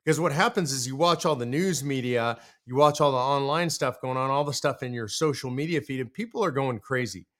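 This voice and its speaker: Man, show host, from the United States, political commentary, earnest, direct, repeats points, mid-pitched voice. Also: a little fast, hardly any pauses, fairly bright tone.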